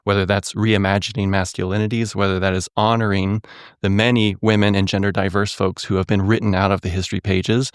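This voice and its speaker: Measured man, slightly low voice. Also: little pitch movement, smooth, dry recording, studio quality. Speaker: podcast guest. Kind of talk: podcast conversation.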